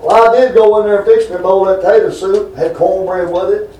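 In a roomy hall full of echo, a man delivers a folksy storytelling sermon, rambling through homespun tales and asides to the audience. His high-for-a-man voice is mellow with fairly even intonation and a quick pace, picked up by a distant mic slightly off axis.

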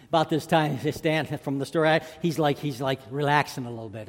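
A male pastor preaching a sermon, telling a story with animated swings from loud to hushed. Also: on the high side, a little fast, long reverb tail.

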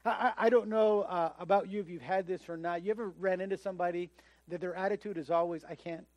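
High-voiced man preaching a conversational sermon. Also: fairly even intonation, quick pace, a little mellow, no room sound. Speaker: pastor.

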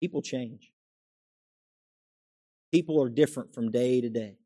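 Pastor guy preaching, mid voice, goes from soft to loud and emphatic. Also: mid-range voice, measured pace. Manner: emphatic preaching, swinging from soft asides to loud raised exclamations. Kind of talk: sermon.

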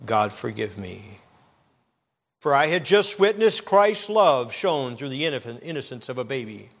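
A man preaching a sermon, telling a story dramatically and swinging between loud and hushed moments. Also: fairly high pitch, normal speed, big-room sound. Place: church.

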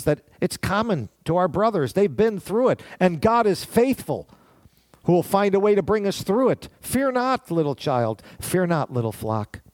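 A man's voice: a little high, darkish tone, dry recording. A man preaching a sermon, reading scripture aloud and acting out the voices he quotes. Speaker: pastor.

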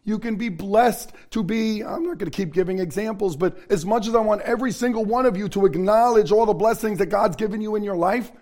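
A man with a notably high-pitched voice delivers a sermon. He speaks earnestly and confessionally, sinking to near-whispers and then pressing points with force. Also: a little fast, hardly any pauses. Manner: earnest, confessional, swings from hushed to emphatic. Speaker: pastor.

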